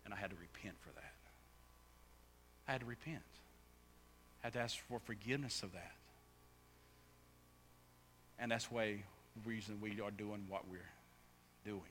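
A man preaching a sermon as pastor, often stammering and restarting, then building to loud, fervent preaching. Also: on the low side, measured pace, long pauses. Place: church sanctuary. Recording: echoey hall with faint hum.

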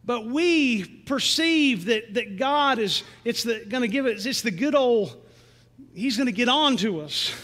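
A man preaching a sermon in a church, earnest and slowing down with rising emphasis on key lines. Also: very high-pitched, lively intonation, fairly bright tone, in a large hall. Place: church sanctuary.

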